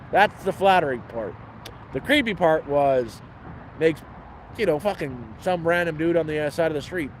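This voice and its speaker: A man's voice: a little high, slight background noise, rough recording. A man telling stories in blunt, profane, casual chat, outdoors by a city street. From Canada. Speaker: homeless vlogger answering questions. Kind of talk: casual storytelling.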